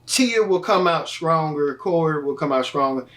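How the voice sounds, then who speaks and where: A man with a slightly higher voice hosts a casual gossip show and rambles loosely, with fillers and self-corrections. He sounds set back from the microphone. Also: lively intonation, normal speed, fairly bright tone, distant mic. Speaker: host. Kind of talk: casual entertainment news talk.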